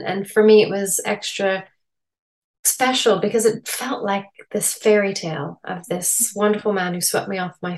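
A middle-aged Canadian woman with a mid-range voice appears as a podcast guest on a remote call. She tells her story in a reflective, measured way, interview-style.

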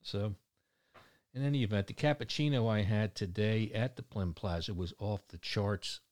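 A man's voice: lowish voice, moderate pace, darkish tone. A man in his sixties with a Baltimore accent, rambling bluntly and cracking jokes in a casual monologue. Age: 60s. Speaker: vlogger.

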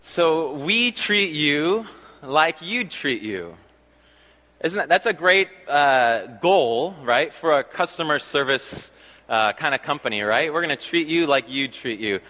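A man preaching in a church, his bright voice sitting a little high for a man. He talks in a relaxed, conversational way with fillers, then slows right down to press key phrases home. The room adds a long hall reverb behind every word. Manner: conversational preaching with fillers and slow emphatic repeats. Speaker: pastor. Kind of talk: sermon. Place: church sanctuary.

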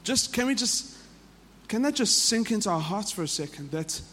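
A man's voice: high-pitched, animated, moderate pace, sharp tone, big-room sound, slight background noise. A man with a South African accent, preaching a sermon to a church in an earnest way that often repeats and restarts phrases. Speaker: pastor.

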